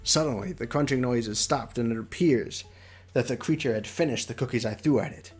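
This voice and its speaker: Brief: chatty young male streamer, mid-pitched voice, game read-along, soft music. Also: a little fast, husky. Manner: playful, chatty, laughs between lines. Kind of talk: reading a visual novel aloud with commentary.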